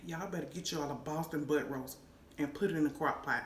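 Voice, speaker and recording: Woman cooking host, low voice, chatty and savoring, roomy echo in a home kitchen. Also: fairly quick. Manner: chatty, savoring aloud with lots of hums and "y'all". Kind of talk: casual cooking vlog, tasting food on camera. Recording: echoey room with faint noise.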